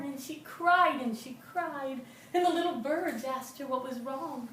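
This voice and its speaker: A woman tells a folk tale live to an audience, rhythmic and expressive, leaning on repetition. Her voice sits fairly high and rings through a roomy venue, picked up from a distance over faint room noise. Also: normal speed. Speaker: storyteller. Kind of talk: live oral storytelling. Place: storytelling venue before an audience.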